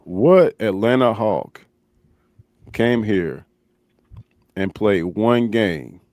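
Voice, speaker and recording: A man's voice: fairly low pitch, darkish tone, no room sound. A man in a loose sports chat on a live stream who quizzes his friends and laughs easily. His voice rises and falls a lot, and it sounds close and dry with no room around it.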